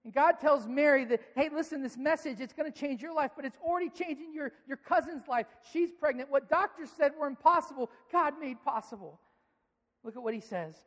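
A pastor with a very high, slightly bright voice preaches fairly quickly to a live congregation in a large church auditorium. He playfully coaxes them to clap and repeat phrases back, and the big hall gives a long reverb.

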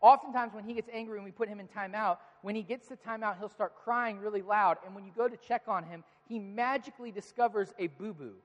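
A man in his thirties preaching a sermon, telling stories about his children and acting out their lines with animated voices. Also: high-pitched, fairly quick, hardly any pauses. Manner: storytelling, animated when quoting his kids. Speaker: pastor. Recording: long reverb of a large hall.

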